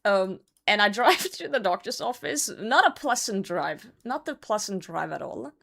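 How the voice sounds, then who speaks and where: A woman streamer telling a story in a casual, animated way, swearing often and laughing as she goes. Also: mid-range voice, moderate pace, creaky.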